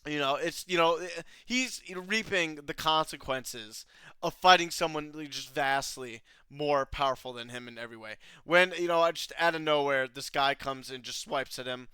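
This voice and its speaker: Bright-voiced young man recapping anime. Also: fairly high pitch, normal speed, smooth, no room sound. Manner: rambling, swears often, laughs, many fillers. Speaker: anime reviewer. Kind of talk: casual recap commentary.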